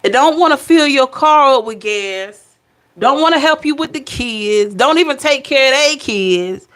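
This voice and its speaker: A woman's voice: sits high, expressive, measured pace, a bit bright. A woman giving a casual tarot reading, chatty, blunt and playful, speaking straight to her viewers. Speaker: tarot reader.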